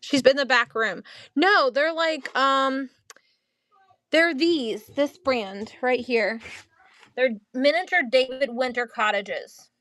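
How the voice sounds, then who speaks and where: A chatty, giggly woman runs a casual live sale, talking to her viewers as she handles each item. Her voice is high, and the sound is dry and close. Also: takes it slowly, fairly bright tone, dry recording. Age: adult, mother of a teen. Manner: giggly, chatty, laughs often. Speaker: live-stream seller. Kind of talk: casual live-selling chat.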